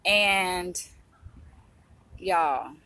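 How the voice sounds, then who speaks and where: A young woman, a vlogger and psychology trainee, chats casually to camera, emotional and talkative, often addressing her viewers directly. Her lowish voice draws out words with a sharp tone, and there's no room sound.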